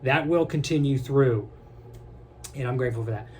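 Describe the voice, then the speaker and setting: A young man rambling casually to his viewers, joking one moment and halting the next. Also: medium pitch, a little hiss or hum. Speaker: vlogger.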